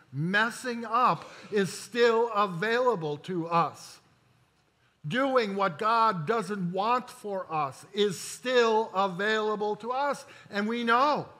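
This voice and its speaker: Slow, bright-voiced man preaching. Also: high voice. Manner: deliberate preaching with emphatic pauses and slowed key words; corrects himself mid-sentence. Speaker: pastor. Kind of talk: sermon.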